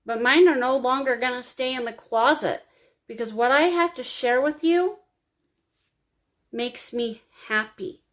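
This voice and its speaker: A woman telling her own life story to camera, confiding and emotional, crying as she speaks. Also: high voice. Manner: emotional, confiding, slow and halting. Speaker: vlogger.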